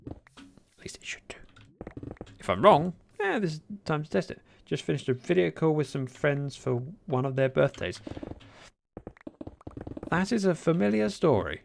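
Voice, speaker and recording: A British man chats casually while livestreaming a game, reading out viewer messages with dry, self-mocking humour. His voice is a little high, with big pitch swings, a moderate pace, and vocal fry.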